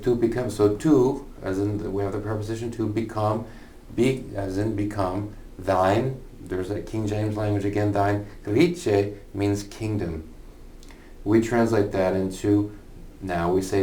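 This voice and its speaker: A man's voice: on the low side, a little mellow. A man teaching a college humanities lesson in an informal online lecture, thinking aloud with fillers and repeated phrases. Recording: echoey room, somewhat far from the mic, faint noise.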